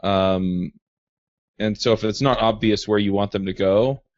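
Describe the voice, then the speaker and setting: A man co-hosting a podcast, giving calm, measured suggestions in casual chat. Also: fairly low pitch, no echo. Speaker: podcast co-host. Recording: dry dull lo-fi audio.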